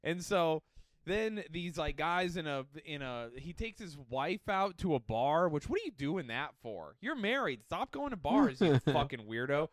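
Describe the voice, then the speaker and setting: A man's voice: fairly high pitch, a little slow, no echo, clean studio sound. A young man telling a rambling, profane comic story in casual podcast chat. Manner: animated, profane, riffing storyteller. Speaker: podcast participant.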